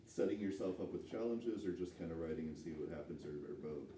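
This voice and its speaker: A man interviewing an author, asking long halting questions full of hedges and "like"s. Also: low voice, dark tone, a little hiss or hum. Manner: halting, hedging, many "like"s. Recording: echoey hall from far off.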